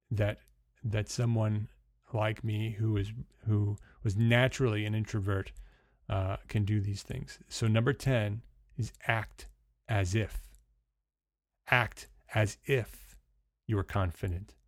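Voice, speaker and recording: A man's voice: fairly low pitch, vocal fry, a little mellow, no echo. New Jersey man giving casual tips. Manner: hesitant, many fillers and restarts. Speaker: host. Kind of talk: unscripted instructional talk. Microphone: studio microphone.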